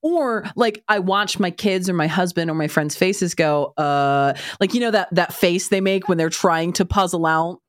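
A woman in her thirties co-hosts a parenting podcast, frank and wry, dropping casual swears. Her voice sits a little low. It is recorded dry and close to the mic. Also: moderate pace, few pauses, dry recording. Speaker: parenting podcast co-host and author. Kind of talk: casual chat.

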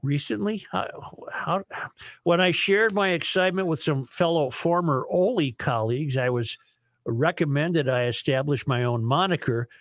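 A man's voice: on the high side, moderate pace, no room sound. Dry-sounding male talk radio host. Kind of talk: talk radio, reading listener emails.

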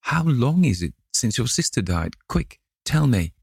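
A man reading an audiobook, voicing a young gentleman who stammers in fear and then turns cold and stern. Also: sits low, fairly even intonation, normal speed, gravelly, no echo, clean studio sound. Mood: frantic. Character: young man, panicked then coolly arrogant.

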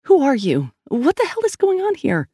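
A man voicing a blunt, tough young woman detective, with a gravelly edge to his voice. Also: sits high, animated, a little fast, a little mellow, no room sound, clean studio sound, pitched above the performer's own voice, heavily acted. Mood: demanding.

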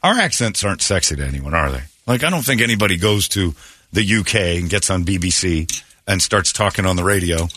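Jokey, animated male radio host. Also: deep voice, fairly quick, no echo. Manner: jokey, rambling, laughs often. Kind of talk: morning radio banter. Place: radio studio.

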